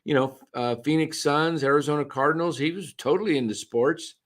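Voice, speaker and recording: A man co-hosting a casual postgame talk stream after attending the game at a ballpark rambles and often restarts his sentences. His voice is fairly high and a little fast.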